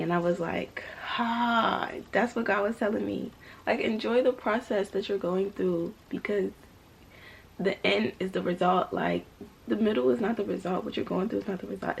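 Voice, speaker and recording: Gravelly-voiced young woman telling a story. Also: mid-range voice. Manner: animated, talks straight to viewers, faith-filled testimony. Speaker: vlogger. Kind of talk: casual storytelling to viewers.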